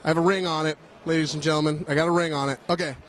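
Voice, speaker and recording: A man's voice: fairly high pitch, fairly even intonation, rapid-fire, fairly bright tone, slight background noise. A man hosting a live stream, walking through a busy convention hall and chatting casually, joking and swearing as he goes. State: tired, a bit out of breath. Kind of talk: casual walk-and-talk chat.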